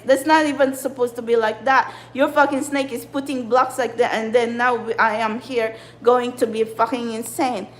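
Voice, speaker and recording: A woman speaks in a high voice. She rants to her spiritual followers in an upset, frustrated tone and swears freely throughout. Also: steady tone, measured pace, poor audio. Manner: ranting, frustrated, swears often. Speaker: spiritual channeler and tarot reader. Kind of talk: impassioned livestream monologue.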